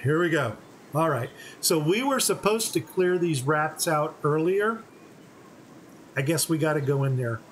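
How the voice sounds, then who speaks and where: A man giving relaxed, step-by-step commentary on a game playthrough. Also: a little high, a little slow, slight background noise, low-quality recording. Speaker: gaming channel host.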